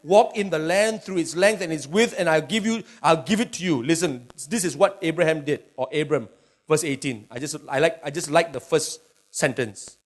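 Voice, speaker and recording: A man delivers a sermon. He swings between quiet, confiding lines and loud, emphatic shouts, often adding playful asides to the congregation. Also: fairly high pitch, normal speed. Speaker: pastor.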